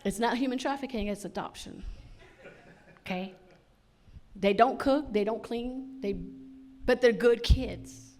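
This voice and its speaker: A woman's voice: a little high, unhurried, pauses often, a little mellow. A middle-aged woman performing a stand-up comedy set, chatty and punchy, acting out lots of quoted lines. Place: on stage at a comedy show.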